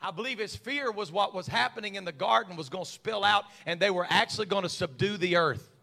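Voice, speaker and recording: High gravelly preacher, fiery. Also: male voice, fairly quick. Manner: fiery, swings from quiet asides to shouting; stammering, folksy. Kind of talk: sermon.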